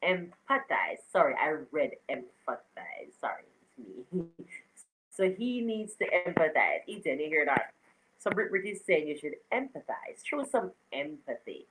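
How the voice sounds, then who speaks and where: Lively woman hosting a live stream. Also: low voice, measured pace, slight background noise, rough recording. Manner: animated, laughs often, shouts greetings to viewers. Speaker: livestream host. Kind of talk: casual live-stream chat reading comments.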